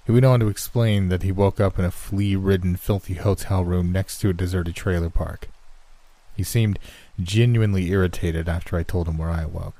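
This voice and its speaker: Over a backdrop of rain and rolling thunder, a man tells a horror story at a measured, even pace in a low, dark, mellow voice.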